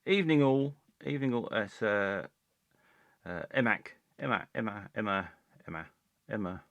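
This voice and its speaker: A man hosts a comic live stream in a lowish voice, rambling and halting as he trips over his words. The sound is dry and close to the mic. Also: fairly bright tone, no echo, highs cut off. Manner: halting, rambling, full of fillers and restarts.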